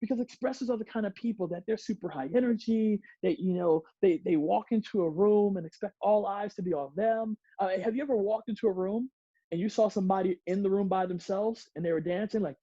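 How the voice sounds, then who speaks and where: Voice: mid-range voice, a little fast, dark tone, dry recording, dull audio. A presenter giving a diversity workshop to a group in a playful way, acting out examples and laughing often.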